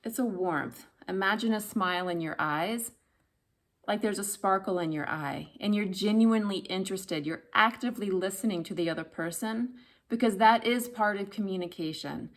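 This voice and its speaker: A woman's voice: medium pitch, moderate pace. Woman voice coach, hums and says the practice line between tips. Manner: demonstrates hums and phrases between explanations. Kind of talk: instructional talk with vocal demonstrations.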